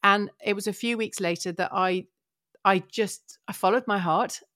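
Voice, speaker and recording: A middle-aged woman from England, a podcast guest telling her career story in a lively, earnest way with many restarts. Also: medium pitch, normal speed, no room sound, clean studio sound. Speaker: guest, broadcaster and child therapist. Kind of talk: personal storytelling in a podcast conversation.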